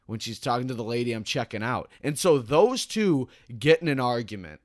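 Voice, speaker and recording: A man's voice: medium pitch, expressive, normal speed, no echo, clean studio sound. A young man, telling a heated, profane work story as a podcast co-host. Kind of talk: casual podcast chat.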